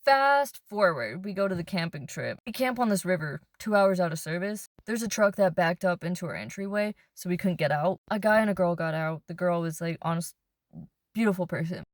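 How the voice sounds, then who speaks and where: A woman's voice: fairly low pitch, lively intonation, fairly quick, no echo, clean studio sound. A woman vlogger telling a casual storytime in a car, chatty and peppered with "like.". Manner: chatty, fills speech with "like". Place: inside a car.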